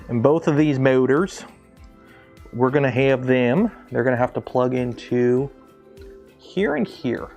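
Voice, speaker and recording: Gravelly-voiced man chatting through a build. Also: medium pitch, a little slow, darkish tone, soft background music. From Canada. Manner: rambling, jokey, swears, talks to his machines. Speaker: maker livestream host. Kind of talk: casual livestream chat while building.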